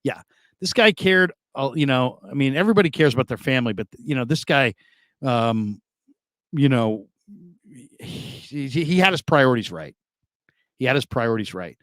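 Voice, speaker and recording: A man's voice: mid-range voice, fairly bright tone, no room sound. A man hosting sports talk radio, reading listener comments in a loose, rambling way with plenty of laughs and repeated phrases.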